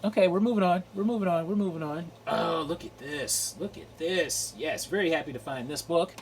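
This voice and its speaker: A man's voice: fairly high pitch, fairly quick, a little hiss or hum. A man showing off his comic book haul in a casual, chatty way, repeating phrases and filling gaps with "uh" and "like.". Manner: chatty, repeats himself, lots of fillers. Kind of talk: casual video commentary.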